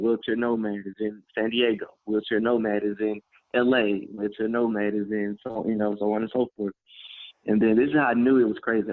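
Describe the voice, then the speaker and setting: A man's voice: fairly low pitch, dry recording. A man in his twenties telling stories in a casual interview, laid-back and chatty, peppering his talk with "man" and "you know". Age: 20s. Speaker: guest. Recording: phone-like narrow band.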